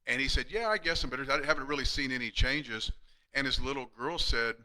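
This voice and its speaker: A man in his fifties speaks with a very bright, forceful tone at a middle pitch. He gives an earnest, emphatic live talk to fellow practitioners, stumbling and restarting often and dropping to a hushed, quieter delivery when he retells stories. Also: brisk, low-quality recording. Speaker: chiropractor speaking to fellow chiropractors. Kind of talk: live-streamed motivational talk.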